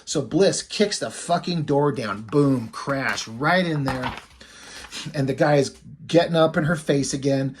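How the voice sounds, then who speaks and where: A man's voice: fairly high pitch, measured pace, background noise. A man casually recapping a comic book story in a rambling, filler-heavy way, swearing freely.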